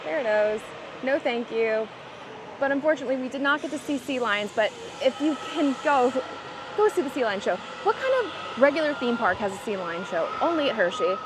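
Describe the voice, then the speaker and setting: An excitable woman narrates her own vlog as she strolls through an outdoor park and zoo. Her voice sits a little high, and she talks in a chatty, eager way. Clear outdoor ambient noise runs underneath everything she says. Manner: chatty and excitable, quick to gasp and exclaim. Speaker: travel vlogger. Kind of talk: casual vlog walk-through.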